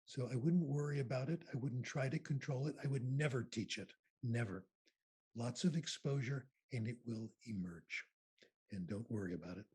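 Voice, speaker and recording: Older male keynote speaker, husky and raspy, unhurried and emphatic. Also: medium pitch, a little mellow. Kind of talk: conference question-and-answer.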